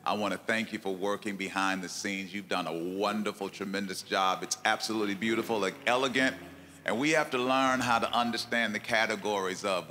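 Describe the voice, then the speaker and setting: A man, a pastor, with a hoarse, raspy voice after preaching, giving closing remarks and leading a prayer. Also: on the low side, bright, forceful tone. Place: church hall event. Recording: long-reverb hall with music behind.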